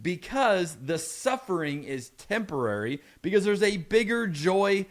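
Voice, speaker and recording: A man's voice: high-pitched, sing-song, measured pace. A middle-aged man preaching a conversational sermon, reading scripture aloud and adding playful asides. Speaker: pastor.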